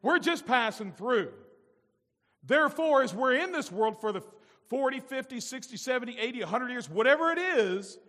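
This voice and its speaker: A man preaching a sermon as pastor, moving between loud emphatic lines and soft, low-spoken asides. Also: lively intonation, normal speed, big-room sound.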